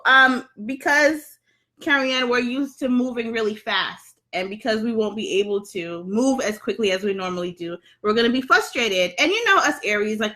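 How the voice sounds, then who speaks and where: A woman's voice: mid-range voice, bright, forceful tone. A young woman hosting an astrology livestream, chatting casually and reading viewer comments with lots of ums. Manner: chatty, laughs often, frequent ums. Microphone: phone.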